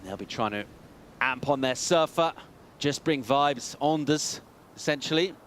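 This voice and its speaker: A man's voice: medium pitch, measured pace, fairly bright tone, slight background noise. A man working as play-by-play commentator, calling a surf contest live in a chatty, joking, upbeat way.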